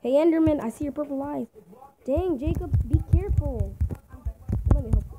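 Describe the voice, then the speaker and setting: A young woman giving casual, excitable commentary while playing a video game with a friend, often yelping and laughing. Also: sits high, moderate pace, phone-quality sound. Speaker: gaming video host. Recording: loud background noise.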